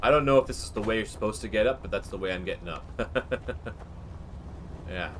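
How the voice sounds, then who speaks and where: A man's voice: fairly low pitch, brisk, slight background noise. A man chatting casually while he streams a game. He rambles candidly, with lots of fillers and the odd swear word. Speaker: gaming livestreamer.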